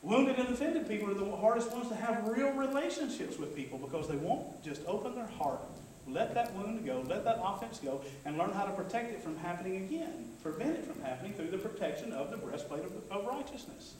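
High-voiced preacher in an echoey church. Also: male voice, lively intonation, brisk, darkish tone, distant mic, slight background noise. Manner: conversational preaching with call-and-response asides. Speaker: pastor. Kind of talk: sermon. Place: church sanctuary. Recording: echoey church hall, mic from afar.

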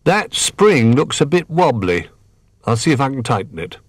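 A man's voice: mid-range voice, very animated, moderate pace, a little hiss or hum, pitched above the performer's own voice, natural voice. A man doing a patient toy bear who explains things. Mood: thoughtful. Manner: explaining, gently instructive.

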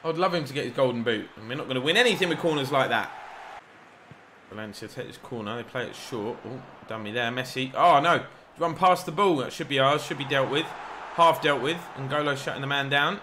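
Young guy yelling at his football game, bright forceful voice, a bit of hiss behind. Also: medium pitch, a little fast. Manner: excitable, rambling and self-mocking, shouts at players. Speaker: gaming YouTuber. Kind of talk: live gameplay commentary.

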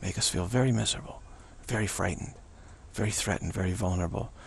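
A man's voice: sits low, fast talker, vocal fry, a little hiss or hum. A man giving an unscripted spiritual teaching outdoors, rambling and repetitive, often restarting his sentences.

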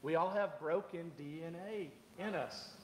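A middle-aged man preaching a sermon as pastor, animated and humorous, acting out the voices he quotes. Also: fairly high pitch, unhurried, a little hiss or hum. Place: church sanctuary. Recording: echoey hall.

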